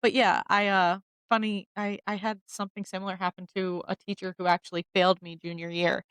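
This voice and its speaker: A young woman co-hosting a casual chat, telling lively stories and acting out the people she quotes. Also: mid-range voice, fairly quick, smooth, no echo. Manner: animated storytelling, acts out quoted people. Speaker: co-host.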